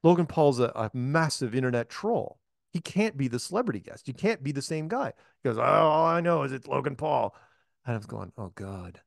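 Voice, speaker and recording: Animated man telling a story. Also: on the high side, a little fast, gravelly, no echo, studio quality. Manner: animated storyteller, acts out quoted voices. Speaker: host. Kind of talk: casual storytelling chat.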